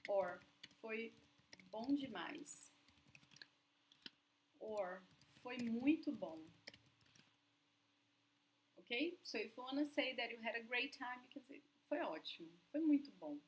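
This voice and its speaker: A young adult woman with a Brazilian Portuguese accent, a native Portuguese speaker giving a language lesson in a slow, careful way and laughing often. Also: on the high side, slight background noise, low-quality recording. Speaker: language teacher.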